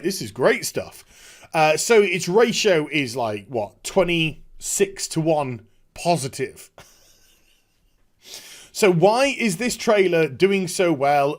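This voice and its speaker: A middle-aged man giving casual, sarcastic commentary on a trailer, with chuckling asides. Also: a little high. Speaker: YouTube commentator.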